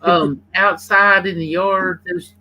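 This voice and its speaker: A co-host with a bright, sharp voice chats plainly with friends. The tone is casual, practical and down to earth. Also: medium pitch, steady tone, slow pace, no room sound. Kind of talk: casual group chat on a livestream.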